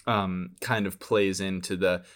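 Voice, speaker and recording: A man co-hosting a casual podcast, laughing easily and pausing on ums and restarts. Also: low voice, fairly even intonation. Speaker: podcast co-host.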